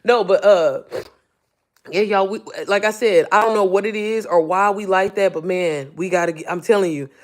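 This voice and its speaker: Animated, swearing motivational woman. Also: mid-range voice, moderate pace. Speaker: online business coach. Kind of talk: casual livestream talk.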